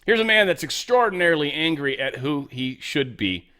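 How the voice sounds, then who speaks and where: A man's voice: on the high side, animated, moderate pace, pushed and bright. Sarcastic man ranting over headlines. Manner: sarcastic, reads headlines aloud and rants. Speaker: host. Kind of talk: political commentary.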